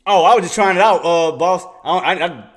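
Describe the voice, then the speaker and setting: This live-streaming day trader has a high voice and talks a little fast, chatting excitedly about his trades, laughing with viewers, and muttering under his breath as he scans his screen.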